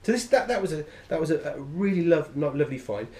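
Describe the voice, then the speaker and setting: A man's voice: on the high side, expressive, fast, darkish tone. A man teaching a class, enthusiastic and rambling, often correcting himself mid-sentence. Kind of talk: classroom lecture. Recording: echoey room.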